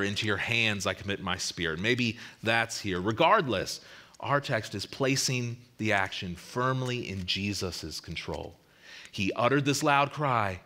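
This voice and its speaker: Speaking in a fairly low pitch, a man preaches as pastor, rising to loud stress and then easing into a hushed ending. He sometimes restarts, repeating words.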